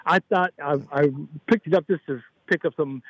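A man's voice: a little high, moderate pace, a bit bright, no echo, poor audio. A man calling in to a radio talk show, earnest and rambling, running his thoughts together. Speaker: caller. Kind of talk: phone-in call to radio show.

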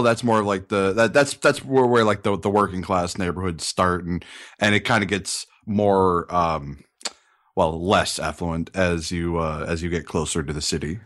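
Rambling low-voiced male co-host. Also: fairly even intonation, a bit bright. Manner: rambling, halting, many restarts. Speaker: podcast co-host. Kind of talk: casual chat.

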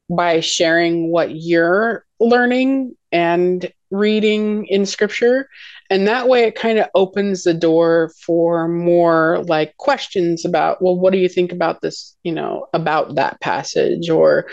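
A woman co-hosting a faith podcast, gently sharing advice on talking with a spouse, with many "um"s and "like"s. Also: on the low side, dry recording, highs cut off. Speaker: podcast co-host. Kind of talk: casual faith talk.

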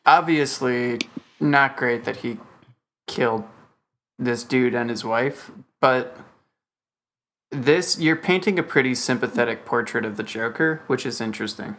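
A man's voice: medium pitch, measured pace, fairly bright tone. A man co-hosting a comedic podcast, asking wry, probing questions. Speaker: co-host. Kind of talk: casual comedic podcast chat.

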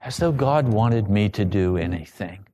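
A man preaching a sermon, telling a personal story with emotion that rises to loud pleading. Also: on the low side, expressive, moderate pace. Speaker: pastor.

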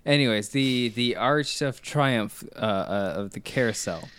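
A man's voice: medium pitch, unhurried, fairly bright tone, smooth. A young man co-hosting a film podcast, chatting casually and rambling with frequent self-corrections. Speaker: podcast co-host. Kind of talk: casual chat.

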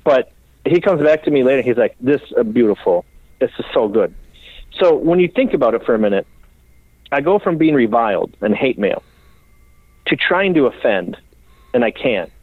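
A man's voice: medium pitch, dry recording. A man from Minnesota spins rambling, profane stories in a casual interview, his voice in a middle register. It comes through a tinny, phone-like line with a dry, close sound. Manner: animated, profane, rambling storyteller. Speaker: bike builder guest.

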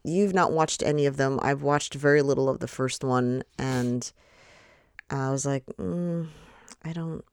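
A woman hosting a podcast with a raspy, tired voice, chatting casually and rambling with lots of fillers. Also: a bass voice, steady tone, normal speed, no echo, clean studio sound. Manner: rambling, hesitant, many fillers. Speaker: podcast host. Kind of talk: casual chat.

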